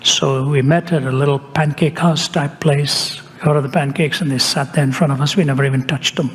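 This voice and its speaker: An older man with a fairly high voice tells a personal story from the pulpit, conversational and now and then joking. His words ring out in a large echoey hall, with a faint hum of ambience behind him. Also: fairly even intonation, a little fast. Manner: anecdotal, conversational, lightly humorous. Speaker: preacher. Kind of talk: storytelling sermon.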